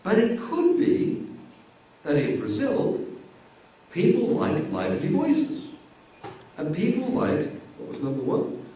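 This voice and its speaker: A man's voice: fairly high pitch, huge pitch swings, slow pace, pauses often, dark tone, far from the mic, a little hiss or hum. A man giving a university lecture in a conversational way, often repeating words as he thinks. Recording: echoey room, voice from afar.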